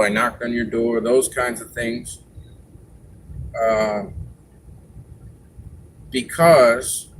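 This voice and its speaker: A man with a medium-pitched voice talks casually on his live stream. He rambles a bit and pauses with fillers as he gives advice to viewers. Faint background noise sits under the voice. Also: low-quality recording.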